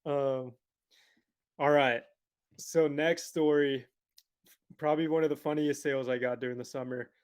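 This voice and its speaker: A young man on a podcast over a video call, telling a funny sales story in a relaxed, laughing way and swearing now and then. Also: medium pitch, normal speed, long pauses, smooth. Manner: laid-back, laughing, swears casually. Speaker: podcast guest. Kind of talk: casual storytelling.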